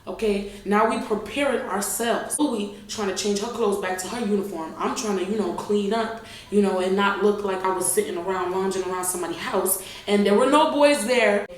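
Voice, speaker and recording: A young woman, telling an animated, slangy storytime vlog straight to her viewers. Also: medium pitch, moderate pace. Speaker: vlogger. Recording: very echoey room.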